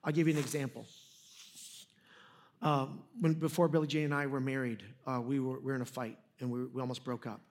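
A man's voice: medium pitch, flat delivery, fairly quick. A man preaching a sermon in a conversational, storytelling way, joking at his own expense with frequent restarts. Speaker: pastor.

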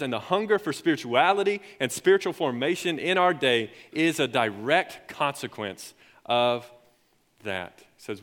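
Young youth pastor, animated storyteller, mid-pitch, sermon in a reverberant church hall. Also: male voice. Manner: lively storytelling, rising excited for stories. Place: church sanctuary.

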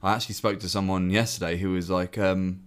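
Low-voiced man, chatty. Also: fairly even intonation, quick pace. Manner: chatty, laughing, lots of fillers. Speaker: podcast co-host. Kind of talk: casual chat. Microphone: headphones on, podcast mic.

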